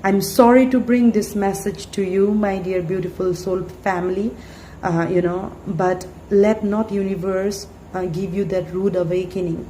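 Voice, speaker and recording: A woman giving a spiritual tarot reading in an earnest, halting way, full of fillers and restarts. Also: mid-range voice, dark tone. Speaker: tarot reader. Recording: echoey room, faint hiss.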